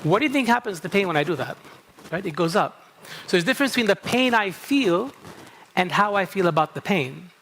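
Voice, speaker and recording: A man's voice: high voice, expressive, a little fast, a bit bright, a little hiss or hum. A middle-aged man from Kuwait with an American accent, giving a conference talk as a psychologist and moderator, telling stories and checking in with "okay?". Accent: American, picked up at a New England summer camp. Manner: anecdotal, repeats "okay?" and acts out inner dialogue. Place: conference stage.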